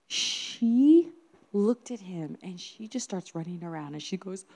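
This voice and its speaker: A woman minister delivers a sermon with earnest emphasis. She stacks phrase upon phrase and presses each point home. Her pitch sits in a middle range. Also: lively intonation, unhurried, a little mellow, slight background noise.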